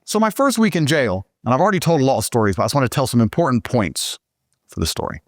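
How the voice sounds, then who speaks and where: Man, casual storytelling, swearing, lively swooping pitch, dry close sound. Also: quick pace, dry recording. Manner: profane, indignant, animated. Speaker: guest storyteller.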